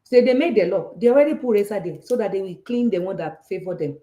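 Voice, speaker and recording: Warm-voiced Nigerian woman, animated host. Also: mid-range voice, quick pace. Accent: Nigerian Yoruba. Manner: animated and repetitive, with frequent rhetorical checks. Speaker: talk show host on personal finance. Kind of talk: casual teaching talk, switching between English and Yoruba. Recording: roomy echo.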